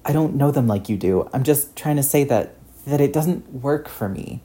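A man's voice: medium pitch, lively intonation, moderate pace, mellow, pitched above the performer's own voice, lightly acted. A man voicing an earnest, shaken teenage boy hero who stammers and restarts his sentences.

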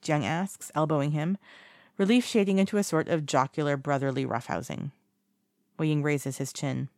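Steady audiobook narrator, gravelly texture, dry sound. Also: medium pitch, normal speed, no echo.

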